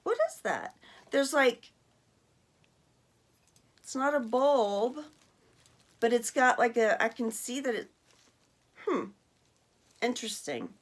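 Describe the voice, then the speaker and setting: A woman vlogger chatting casually while unboxing gifts, gushing and excitable, exclaiming and laughing often. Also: a little high, slow pace, long pauses. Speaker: vlogger opening mail.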